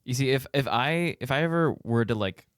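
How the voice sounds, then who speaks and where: A man's voice: medium pitch, expressive, brisk, smooth, no room sound, studio quality. A man guesting on a podcast in casual chat, musing at length in a thoughtful, rambling way.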